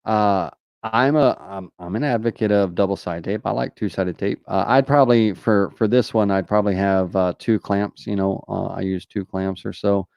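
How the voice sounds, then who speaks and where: Lowish Southern man, casual live tutorial. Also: steady tone, moderate pace, gravelly, a little mellow, no echo, lo-fi sound. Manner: casual, many fillers like "uh" and "you know". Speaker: host answering viewer questions.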